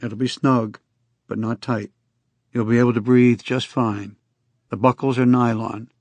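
A man voicing a careful, stern male reverend who gives measured, reassuring instructions. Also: medium pitch, little pitch movement, a little mellow, dry recording, natural voice.

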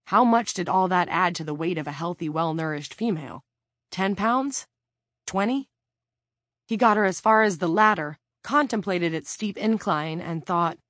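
A woman with a somewhat low voice narrates a novel in a steady, measured way. The recording is dry, with no room sound. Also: no room sound. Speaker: audiobook narrator. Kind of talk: scripted narration.

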